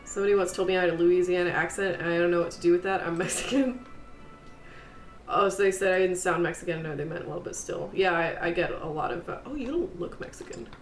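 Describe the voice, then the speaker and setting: A woman's voice: fairly low pitch, quick pace, soft background music. A woman giving rambling, chatty commentary while she plays a game. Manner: rambling, chatty, lots of fillers and laughs. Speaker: streamer. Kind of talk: casual gameplay commentary. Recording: echoey room with faint noise.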